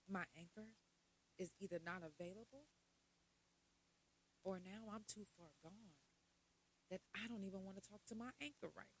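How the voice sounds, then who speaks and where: Bright-voiced woman talking candidly. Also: slight background noise, poor audio. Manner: candid, animated, swings from loud laughing to low and quiet. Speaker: podcast host. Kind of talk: casual mental health talk.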